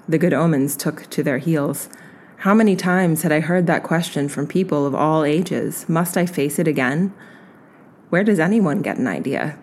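A woman reading a literary essay aloud in a slow, measured and reflective way. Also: deep voice, a little mellow. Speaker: reader.

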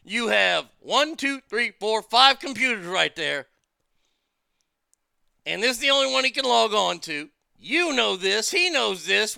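Man, profane storytelling rant, stuttering repeats, gravelly fry, very bright tone. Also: sits high, sing-song, unhurried, no echo, clean studio sound. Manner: stammering, repeats words, swears often. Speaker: streamer telling a story.

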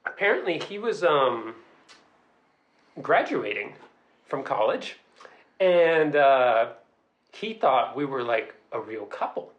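A young man telling a story in casual chat, animated, laughing and acting out quotes. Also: mid-range voice, slow, pauses often, roomy sound, muffled recording.

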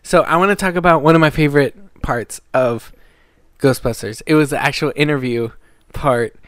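A man co-hosting a podcast in casual chat, excitable, swearing freely and laughing often. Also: fairly high pitch, normal speed, clean tone, no echo, clean studio sound. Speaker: podcast co-host.

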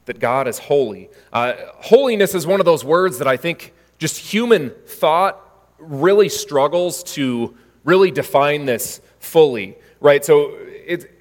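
A man's voice: fairly high pitch, animated, a little slow, long reverb tail. A man preaching a sermon in a conversational way, with frequent fillers and restarts. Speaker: pastor.

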